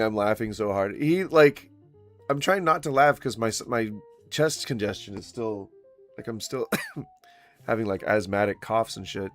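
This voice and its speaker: A man's voice: fairly low pitch, normal speed, fairly bright tone, soft background music. A man giving profane, mocking reaction commentary, often breaking into laughter. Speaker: commentary YouTuber. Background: faint smooth jazz.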